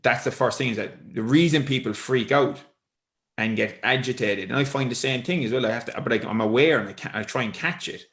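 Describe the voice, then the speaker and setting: A man's voice: mid-range voice, fairly quick, a bit bright. A man co-hosting a podcast who explains ideas thoughtfully, restarting often as he builds his argument. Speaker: podcast co-host. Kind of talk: explanatory conversation.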